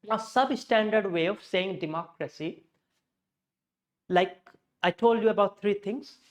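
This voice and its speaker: A man's voice: high-pitched, measured pace. A man with an Indian English accent teaching English pronunciation from slides. He explains step by step, repeats words to demonstrate stress, and slips into Hindi now and then. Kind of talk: slide-based lesson.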